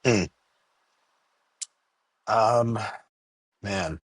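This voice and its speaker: A man with a low, slightly husky voice, recorded close and dry with no room around him. He chats casually in an interview about running his store. He keeps lively and breaks into quick quoted lines in a higher voice. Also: no room sound. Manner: animated, acts out quotes in a raised voice. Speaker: candy store owner.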